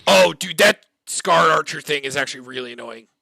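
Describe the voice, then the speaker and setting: A man playing a casual card game with friends, excitable and quick to swear and laugh. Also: a little high, creaky, dry recording. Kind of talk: casual chat among friends.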